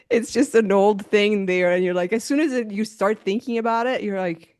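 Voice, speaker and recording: A woman's voice: mid-range voice, normal speed, a little mellow, dry recording, clean studio sound. A woman hosting a podcast, chatting casually and laughing often. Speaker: podcast host.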